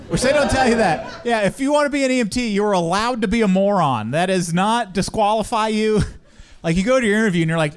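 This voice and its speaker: A man doing a stand-up comedy set about emergency medical work, talking deadpan and dropping low for the people he quotes. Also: fast. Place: comedy stage with live audience.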